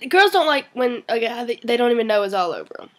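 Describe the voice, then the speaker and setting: A woman's voice: fairly high pitch, very animated, fast, fairly bright tone. Blunt teenage girl with dry asides. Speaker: co-host. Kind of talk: casual advice chat.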